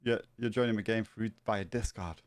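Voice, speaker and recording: A man's voice: fairly low pitch, steady tone, moderate pace. A man with a Scouse accent from Liverpool, chatting casually while streaming a game, eager and insistent, swearing often. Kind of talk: casual gaming chat.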